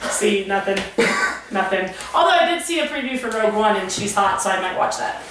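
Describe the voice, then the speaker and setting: A woman co-hosting a casual group chat show, animated and quick to laugh. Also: mid-range voice, a little hiss or hum. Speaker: podcast co-host. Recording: echoey room, far from mic.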